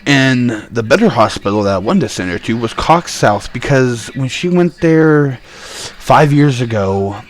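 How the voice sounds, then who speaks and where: A young man telling a story in a heated, profane, animated rant. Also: mid-range voice, a little slow. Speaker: vlogger.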